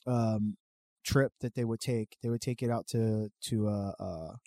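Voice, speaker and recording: Brief: mellow-voiced man, casual storyteller, swears a lot, dry close sound. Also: fairly low pitch, a little slow, no echo. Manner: profane, animated storytelling. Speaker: podcast guest telling a story. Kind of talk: casual chat.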